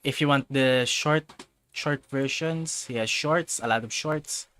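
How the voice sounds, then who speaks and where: A man's voice: medium pitch, a little slow, fairly bright tone, smooth. A man chatting casually on a live stream, rambling and often restarting and repeating himself, speaking English as a second language. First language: not English.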